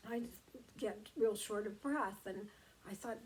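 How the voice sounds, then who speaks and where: A woman giving a reflective motivational talk, gentle and meandering, with many fillers and restarts. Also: on the high side, measured pace, poor audio.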